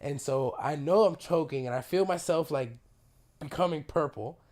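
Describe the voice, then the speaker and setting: Man, podcast host, casual chat, sore throat, animated and profane, slightly high voice. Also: normal speed. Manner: animated storyteller, swears freely, laughs through the telling.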